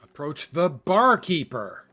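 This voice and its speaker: A man's voice: on the high side, sing-song, takes it slowly, bright, forceful tone, slightly rough, soft background music. A man livestreaming a game, giving casual commentary in a wry, self-deprecating way.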